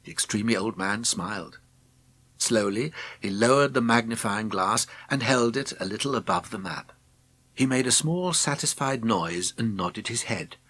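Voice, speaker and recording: A man narrating a children's storybook with expressive, gentle storytelling. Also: on the low side, moderate pace. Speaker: audiobook narrator.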